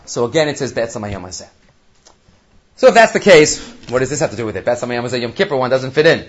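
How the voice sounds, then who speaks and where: A man teaching a Torah class in a lively lecturing manner, acting out quoted voices and weaving in Hebrew terms. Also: medium pitch, fast talker. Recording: dull lo-fi recording.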